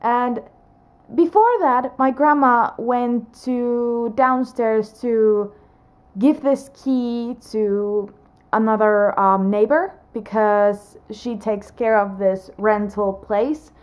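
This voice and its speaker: Young woman, high voice, slow easy pace, chatty vlog story, rambling with restarts. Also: darkish tone. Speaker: vlogger. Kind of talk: casual storytelling to camera.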